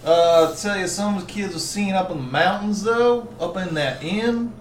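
A man's voice: fairly high pitch, very animated, measured pace, roomy sound, a little hiss or hum. A man voicing a drunk, sleazy male town magistrate who drawls and slurs his words. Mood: rambling. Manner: slurred, boastful drawl.

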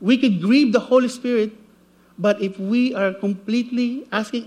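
Very high-voiced animated male preacher. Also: normal speed. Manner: animated, jokey, checks in with "okay?" and "right?". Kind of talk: church teaching with slides.

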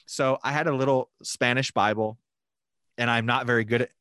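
A man telling a lively mission story in a casual, animated way, laughing now and then. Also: medium pitch, normal speed, clean tone, dry recording, studio quality.

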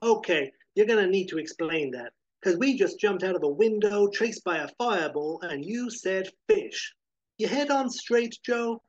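A man voicing an excitable, brash young male sidekick who swears and sounds incredulous. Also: sits high, a little slow, slightly rough, muffled recording, voice pushed up, exaggerated voice.

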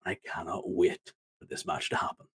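A man co-hosting a podcast, recapping a wrestling show in casual chat with playful asides. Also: normal speed. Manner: animated storytelling with playful asides.

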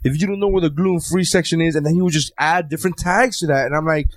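A man's voice: on the high side, fast, dry recording, studio quality. A man who is a stand-up comedian, chatting casually in a rambling, profane way and often restarting his sentences. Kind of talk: casual chat.

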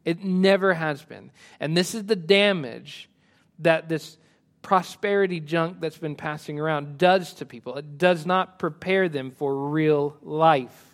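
A male pastor preaching a sermon, rising to emphatic lines and dropping to soft, quiet asides. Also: on the high side, unhurried.

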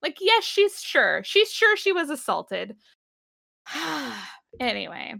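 A woman co-hosting a podcast, recapping a TV episode in casual chat, animated, swearing and laughing often. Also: high voice, slow pace, vocal fry, no echo. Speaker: podcast co-host.

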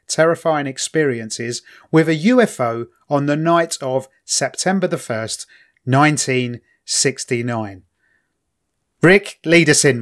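Chatty man, slightly high voice. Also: a bit bright. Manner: chatty, stumbling, laughs often. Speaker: podcast co-host. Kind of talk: casual chat.

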